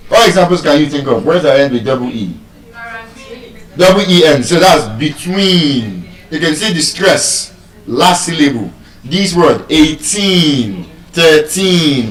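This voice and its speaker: A man's voice: a little high, reverberant, distant mic, poor audio. A man with a Nigerian accent giving a live stage lecture on pronunciation, quizzing the audience and spelling words out letter by letter. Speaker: public speaker teaching pronunciation.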